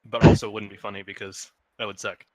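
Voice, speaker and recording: A man's voice: fairly low pitch, level tone, fast talker, darkish tone, no room sound. A man co-casting a live-streamed tournament, with teasing, matter-of-fact remarks. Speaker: esports tournament co-caster. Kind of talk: casual live-stream commentary.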